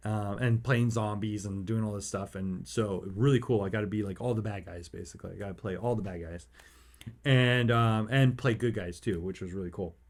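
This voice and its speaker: A man's voice: on the low side, moderate pace. Male podcast host, thirties, chatty and restless, often restarts his sentences. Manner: rambling, excitable, many restarts. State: emotional. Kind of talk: casual chat.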